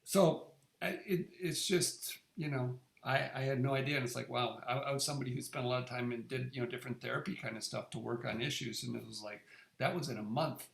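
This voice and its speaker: A middle-aged man with a gravelly, mid-range, slightly bright voice talks fast and steadily, hardly pausing. Speaking casually about his experience in an echoey room, he often restarts sentences and repeats words.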